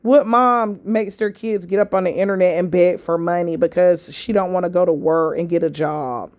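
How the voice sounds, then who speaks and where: A woman's voice: lowish voice, fairly even intonation, moderate pace, darkish tone. A woman reaction commentator giving blunt, lecturing, scolding commentary.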